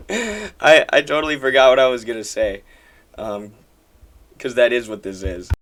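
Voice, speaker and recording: Bright-voiced, emphatic male commentator. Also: mid-range voice, measured pace. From American Midwest. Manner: emphatic, repetitive, combative. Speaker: political commentator. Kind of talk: political commentary video.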